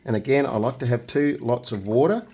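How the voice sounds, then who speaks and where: A man's voice: mid-range voice, brisk, dark tone, slightly rough. A middle-aged man hosting a casual painting tutorial, chatting and joking as he works and humming nonsense tunes. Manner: chatty, jokey, hums nonsense tunes while working.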